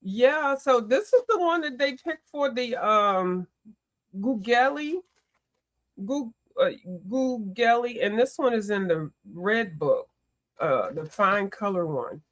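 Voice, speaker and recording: Taking things slowly in a voice on the high side, a woman hosts a coloring stream. She keeps up casual, animated chatter, welcoming viewers and often exclaiming.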